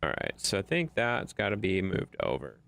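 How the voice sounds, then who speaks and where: A man's voice: sits low, wildly swooping pitch, moderate pace, gravelly, a bit bright. A man streaming a game late at night, chatting loosely with viewers and his dog and swearing freely. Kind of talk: casual livestream gameplay commentary.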